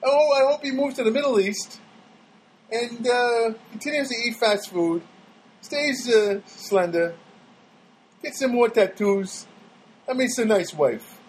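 A man's voice: extremely high pitch, a little slow, long pauses, husky, low-quality recording. A middle-aged man with a New York accent, a comedian rambling through a casual monologue. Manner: rambling, animated storytelling.

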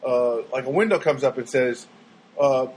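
A man's voice: medium pitch, moderate pace, a little mellow, breathy edge, rough recording. A man vlogging in a casual, rambling monologue that keeps swinging into exasperated rants.

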